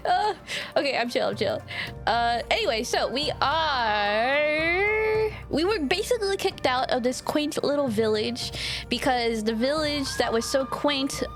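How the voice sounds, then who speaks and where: High-voiced giggly woman streamer. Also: a bit bright. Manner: chatty and giggly, swears casually. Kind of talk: casual livestream chat while gaming.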